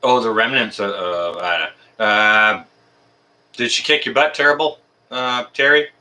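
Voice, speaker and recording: Casual male livestream host, bright voice, friendly, halting, filler-heavy. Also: lowish voice. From Canada. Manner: friendly, chatty, many ums and uhs. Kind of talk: casual live chat greeting viewers.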